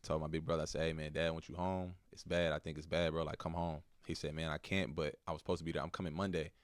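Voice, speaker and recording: A young man from Texas with a Texan accent and a strikingly deep, low voice. He tells a painful personal story softly and haltingly, with lots of "bro" and "like". The sound is dry and close. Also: flat delivery, no room sound. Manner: soft-spoken, halting, slangy with "bro" and "like". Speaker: podcast guest, basketball player.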